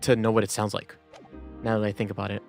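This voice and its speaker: A man's voice: fairly low pitch, level tone, quick pace, vocal fry, soft background music. A man streaming a game, chatting casually and rambling with many fillers. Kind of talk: casual gaming stream chat.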